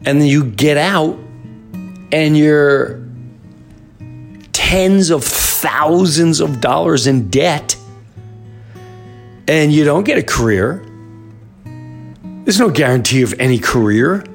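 A man's voice: fairly high pitch, lively intonation, slow pace, creaky, pauses often, soft background music. A middle-aged man hosting a podcast, talking through an impassioned, preachy solo monologue. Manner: impassioned, preachy rant with emphatic swings. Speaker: podcast host.

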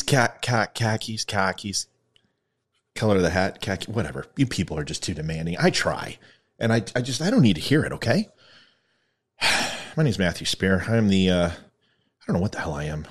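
A man's voice: low-pitched, big pitch swings, fairly quick, slightly rough. A man hosting his own podcast, talking in a rambling, self-mocking, comedic way. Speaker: podcast host. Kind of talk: casual comedic commentary.

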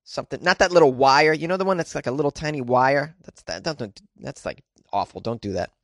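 A man's voice: mid-range voice, brisk, no room sound, studio quality. A man hosting a podcast, riffing sarcastically and crudely on news stories and talking back to himself. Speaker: podcast host. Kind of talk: comic news commentary.

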